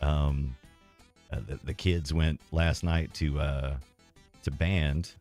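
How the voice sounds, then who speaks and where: A man's voice: rumbling low, fairly even intonation, takes it slowly, darkish tone, faint music behind. A man streaming retro games, rambling casually and self-deprecatingly as he reads and answers his chat.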